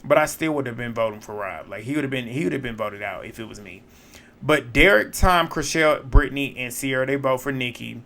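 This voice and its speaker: A man recapping a reality show in casual commentary, blunt, opinionated and quick to swear. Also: medium pitch, gravelly, bright, forceful tone.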